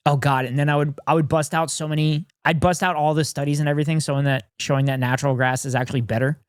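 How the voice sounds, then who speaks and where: A man's voice: on the high side, steady tone, quick pace, clean tone, no echo, clean studio sound. A man streaming from home, reacting to videos in casual chat, swearing freely and telling stories. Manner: profane, riffing and storytelling.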